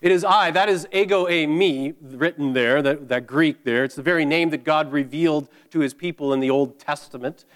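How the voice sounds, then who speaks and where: A man preaching a sermon, emphatic, building through repeated phrases and dramatic pauses. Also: fairly high pitch. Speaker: pastor.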